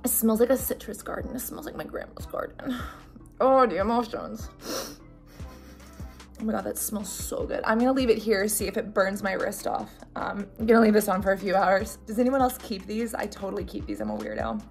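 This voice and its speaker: A young woman who is sick and congested, chatting excitedly in a casual unboxing vlog. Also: mid-range voice, fairly quick, soft background music. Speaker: beauty vlogger.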